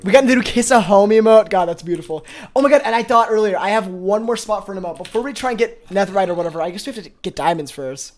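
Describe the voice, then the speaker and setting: A man streaming a game live, chatting with viewers, excitable and quick to laugh. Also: high voice. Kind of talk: live gaming stream chat.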